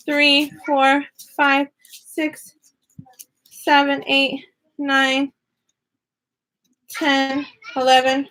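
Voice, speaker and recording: A woman talks casually to her viewers from her home classroom while she crafts. Her voice sits a little high, and her delivery is chatty and upbeat with easy laughs. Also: bright, forceful tone. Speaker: vlogger and online teacher.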